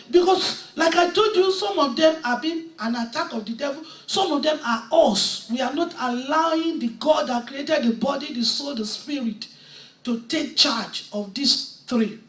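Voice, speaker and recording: A woman preaching a fervent sermon in a high voice, swelling to shouts as she quotes scripture. She is picked up from well back in an echoing church sanctuary. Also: animated, a little slow. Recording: echoey church sound from a distant mic.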